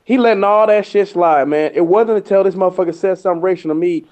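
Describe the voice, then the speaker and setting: Guy rambling bout his coworker, kinda high voice, muffled lo-fi audio. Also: quick pace, a little mellow. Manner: rambling anecdotes, fillers, acts out quoted dialogue. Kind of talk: casual storytelling chat. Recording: dull lo-fi recording.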